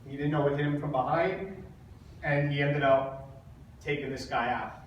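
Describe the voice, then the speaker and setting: A man speaking to an audience and telling an emotional personal story, halting and repeating words while holding back tears. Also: fairly high pitch, fairly even intonation, muffled recording, a little hiss or hum. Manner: halting, repeats words, acts out quoted dialogue. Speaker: speaker at a coaching event. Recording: very echoey hall, mic far off.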